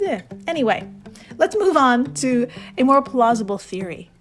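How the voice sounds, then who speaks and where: A woman's voice: high-pitched, very animated, moderate pace, soft background music. A woman hosting a casual storytelling podcast, swearing freely and laughing at her own asides. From New York. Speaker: podcast host.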